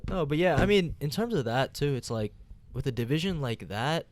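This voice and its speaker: A young man hosting a casual sports podcast, leading the talk with steady, rambling analysis. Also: fairly high pitch, normal speed. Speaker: podcast host.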